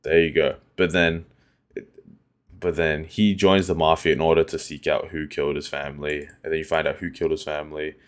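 Deep-voiced young man rambling casually. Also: level tone, fairly quick. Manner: rambling, lots of "like" and restarts. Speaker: podcast host. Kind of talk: casual solo podcast chat.

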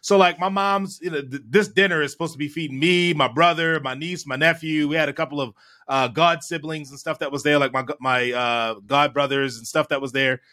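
Bright-voiced man telling a story. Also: fairly high pitch, fairly quick. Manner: animated storyteller, frequent "right?" tag questions. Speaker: guest. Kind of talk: storytelling in a podcast chat.

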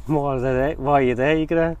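A man's voice: medium pitch, fairly even intonation, fast talker, darkish tone, lo-fi sound. A man co-hosting a crude comedy podcast, chatty and agreeable, often egging his partner on. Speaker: podcast co-host. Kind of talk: crude casual comedy chat.

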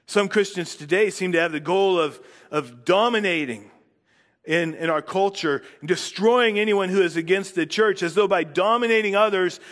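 A man preaching a sermon as pastor, earnest, building force on key words and dropping soft at phrase ends. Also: high voice, big-room sound.

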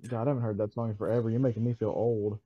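A man's voice: lowish voice, flat delivery, racing, breathy edge, no room sound. A man in a casual chat, laid-back and swearing offhandedly. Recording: dull lo-fi audio.

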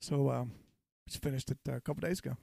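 A man co-hosting a podcast in casual chat, tossing in quick jokes. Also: mid-range voice, fairly even intonation, vocal fry, warm tone, husky, dry recording, clean studio sound. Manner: jokey, quick quips. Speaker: podcast co-host.

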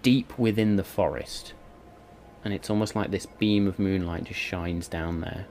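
A man narrating as game master in a tabletop game, with slow, dreamy descriptions and casual swearing. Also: low-pitched, darkish tone, slight background noise.

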